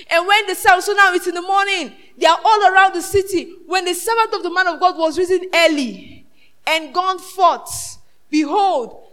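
A woman preaching a sermon, swinging from shouted peaks to hushed asides and asking the congregation rhetorical questions. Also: very high-pitched.

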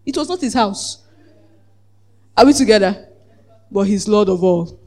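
A preacher giving a lively sermon, acting out the voices in the story, laughing often and asking the congregation whether they follow. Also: medium pitch, a little slow. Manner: asks the congregation "Are we together?".

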